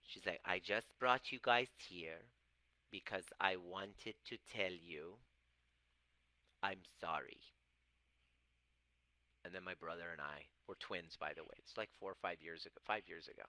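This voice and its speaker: A man's voice: fairly low pitch, pushed and bright, dry recording, poor audio. A man of Persian background talking as a coach, blunt and swearing freely, acting out quoted voices as he goes. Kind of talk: casual talk to camera.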